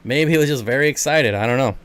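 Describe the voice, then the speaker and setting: A man hosting a casual livestream from home, chatting with viewers and cooing to his dogs in a high voice. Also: quick pace, fairly bright tone, smooth. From United States. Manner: coos to his dogs in a high baby voice, talks back to chat. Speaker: livestream host of an aquarium channel.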